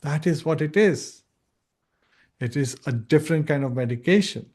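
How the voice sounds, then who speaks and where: Male spiritual teacher, slightly high voice; earnest sermon delivery that breaks into slow chanting and little acted dialogues. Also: animated, a little mellow. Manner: earnest, sings chant phrases slowly, acts out short dialogues. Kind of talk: devotional scripture talk.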